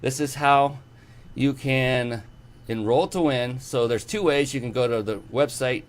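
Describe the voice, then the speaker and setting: A man's voice: mid-range voice, steady tone, a little slow. A man hosting an interview show, talking enthusiastically and rambling with many fillers and restarts. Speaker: show host. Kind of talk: casual interview chat.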